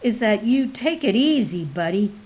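A woman plays a swaggering middle-aged father in an audiobook, rough-mouthed and quick to bully. He throws his weight around with crude, jabbing lines. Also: mid-range voice, sing-song, darkish tone, natural voice. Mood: belligerent. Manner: blustering and crude, later sobbing in pain. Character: tough, aggressive middle-aged man, the father.

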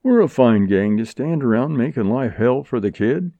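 A man voicing an easygoing outlaw who speaks in a relaxed, scornful frontier drawl. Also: medium pitch, normal speed, no echo, natural voice. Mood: easy, scornful. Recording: dull lo-fi audiobook recording.

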